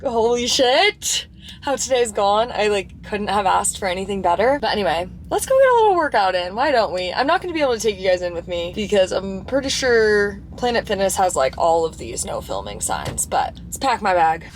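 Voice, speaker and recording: A young woman vlogging casually to camera from inside her camper van, chatty and excitable, full of filler words. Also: mid-range voice, brisk, a little hiss or hum. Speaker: vanlife vlogger. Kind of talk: casual vlog talk to camera.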